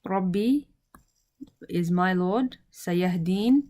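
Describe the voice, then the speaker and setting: Woman slowly teaching Arabic grammar. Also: lowish voice, warm tone, slight background noise. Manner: slow, deliberate, repeats each word with its translation. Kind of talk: explaining Arabic grammar in English.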